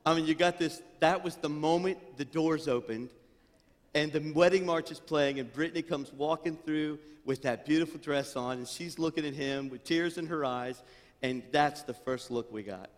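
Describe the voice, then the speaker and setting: Impassioned high-voiced preacher in a reverberant church. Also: male voice, normal speed. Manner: impassioned preaching that swings from shouting to hushed storytelling. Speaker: pastor. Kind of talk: sermon. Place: church sanctuary.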